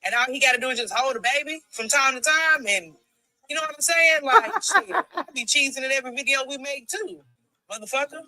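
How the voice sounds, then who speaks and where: A woman's voice: sits high, expressive, brisk, sharp tone, dry recording. A woman hosting a casual livestream, blunt and profane, chatting and reading out viewer comments. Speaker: livestream host.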